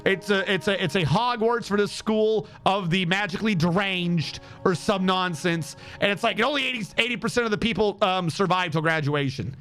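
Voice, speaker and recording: High-pitched sarcastic male streamer. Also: moderate pace, hardly any pauses, a bit bright, clean tone, soft background music. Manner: sarcastic, profane, exasperated storytelling. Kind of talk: casual livestream rant.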